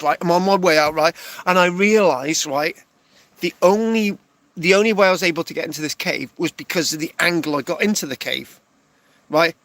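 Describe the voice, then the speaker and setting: A man's voice: a little high, fairly bright tone, dry recording. A man telling a rambling comic story, stopping often with "right?" and restarting his phrases. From England. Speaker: stand-up storyteller.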